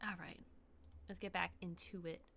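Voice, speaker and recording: A woman streaming from home, chatting casually while she plays a game, excitable, laughing often and swearing freely. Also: on the low side, normal speed, a little hiss or hum. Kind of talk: casual live-stream chat while gaming.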